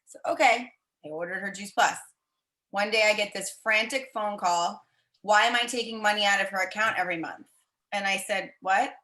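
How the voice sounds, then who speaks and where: A woman chatting on a video call, telling a story in a lively way and acting out the voices she quotes. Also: medium pitch, moderate pace, echoey room, poor audio. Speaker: team member sharing a story.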